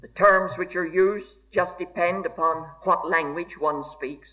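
A man delivers a sermon at an unhurried, measured pace, stressing key words with solemn emphasis. His voice sits fairly high for a man. The recording is muffled and lo-fi. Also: fairly even intonation. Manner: slow, deliberate and emphatic, old-fashioned formal diction. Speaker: preacher. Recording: dull lo-fi recording.

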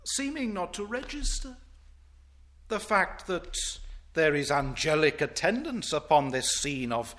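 A male pastor delivers a sermon at a slow, deliberate pace, his voice sitting a little high. He swings between loud declaiming and hushed reverence. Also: very animated. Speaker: preacher.

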